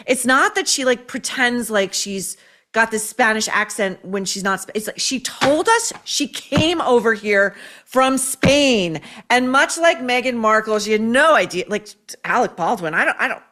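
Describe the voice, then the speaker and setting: A woman's voice: a little high, a bit bright. A woman hosting a commentary show, scathing and sarcastic as she tears into her subject. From United States. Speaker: host. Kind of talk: opinionated commentary.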